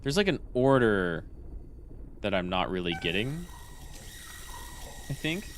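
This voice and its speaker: Streamer, casual let's-play talk: thinks out loud, cusses, pitch jumps around, noisy background. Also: sing-song, slow. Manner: thinks aloud, swears freely, reacts loudly. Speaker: VTuber streamer. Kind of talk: casual gameplay commentary. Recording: noisy game sound behind.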